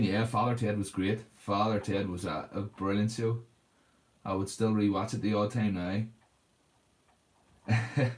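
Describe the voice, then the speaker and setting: A man hosting a casual livestream, chatting with viewers as he paints. He is relaxed and laughs often. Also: fairly low pitch. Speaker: livestream host. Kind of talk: casual livestream chat reading viewer comments.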